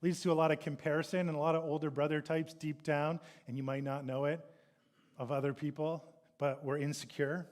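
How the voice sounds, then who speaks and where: A man's voice: on the high side, flat delivery, brisk. A male pastor preaching a sermon, reading scripture and retelling it, sometimes acting out the characters' complaints. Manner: reads scripture then retells it, acting out the sons' complaints in a raised voice.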